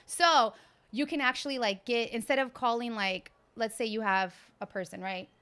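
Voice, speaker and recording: A woman's voice: on the high side, normal speed, pushed and bright, clean tone. A young woman, a podcast guest and hospital worker, telling crude, joking stories in casual chat. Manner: joking, self-described vulgar storyteller.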